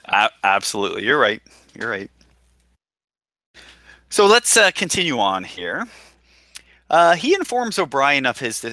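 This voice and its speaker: A man's voice: mid-range voice, pushed and bright, no room sound. A man co-hosting a podcast, chatting casually about an episode and talking with plenty of restarts and military jargon. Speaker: podcast co-host. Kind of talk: casual chat.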